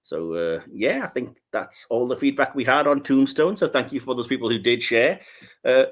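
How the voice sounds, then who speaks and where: A man's voice: medium pitch, expressive, moderate pace. A man hosting a podcast in casual chat, rambling along with lots of filler words and restarts, chuckling between remarks. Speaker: podcast host.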